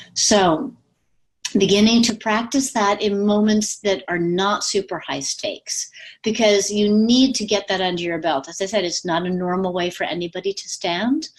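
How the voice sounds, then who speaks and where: A woman speaking coach giving casual, lively advice from home over a video call, laughing easily. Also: lowish voice. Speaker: communication coach. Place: home with pets.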